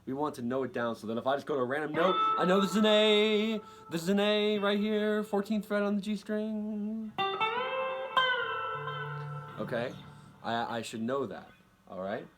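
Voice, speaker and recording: A man's voice: sits high, lively intonation. Guy teaching guitar drills, stops and restarts a lot, counting beats, guitar blasting under him. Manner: halting, restarts often, counts beats aloud. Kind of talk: casual instructional talk over guitar playing. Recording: loud guitar playing behind the voice.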